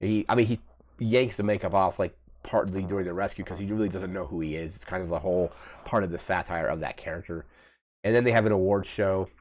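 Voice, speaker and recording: Deep-voiced guy hosting his movie channel, rambly casual recap, lots of filler. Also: fast talker, darkish tone. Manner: rambling, filler-heavy retelling. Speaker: host of a movie review channel.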